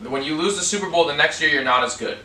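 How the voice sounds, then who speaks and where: Joking man, bright voice, echoey room. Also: fairly high pitch, fast. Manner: joking, playful banter. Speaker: podcast co-host. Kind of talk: casual sports betting chat. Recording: echoey room, distant mic, faint hiss.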